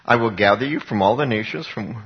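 A middle-aged man preaching a sermon, telling a personal story with lively swings up into high exclaimed passages. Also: brisk. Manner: animated storytelling, voice jumping high for acted quotes. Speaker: pastor. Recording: dull lo-fi recording.

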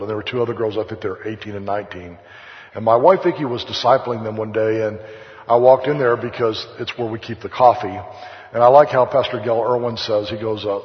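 Guy preaching, kinda low voice, echoey hall, dull lo-fi sound. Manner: earnest storytelling, repeatedly addressing the audience as "guys". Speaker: missionary speaker. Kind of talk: sermon testimony.

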